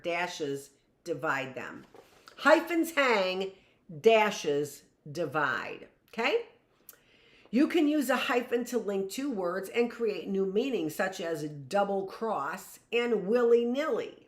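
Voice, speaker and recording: Slow, emphatic woman teacher, echoey room. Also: mid-range voice. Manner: slow, emphatic, repeats key phrases with questions like "right?". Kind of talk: live reading lesson for young children.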